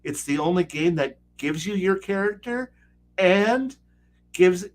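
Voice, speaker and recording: Middle-aged guy ranting about his tabletop game, swears a lot, voice sits a bit high, acts out lines. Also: slow pace. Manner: animated, profane, acts out players' lines. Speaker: tabletop game player discussing gaming. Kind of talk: casual streamed chat.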